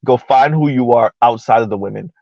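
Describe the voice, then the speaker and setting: A man's voice: medium pitch, fairly quick, gravelly, no echo, muffled recording. A man talking casually and emphatically, firing rhetorical questions and repeating himself. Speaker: podcast host. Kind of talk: casual debate talk.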